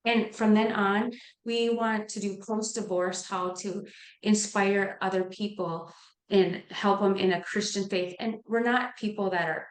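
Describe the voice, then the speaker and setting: A woman's voice: mid-range voice, fairly even intonation, a little slow. A middle-aged woman, a nurse, telling her personal story in an interview with earnest, heartfelt feeling. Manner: earnest, heartfelt, gets emotional. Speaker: nurse and life coach, podcast guest. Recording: echoey room.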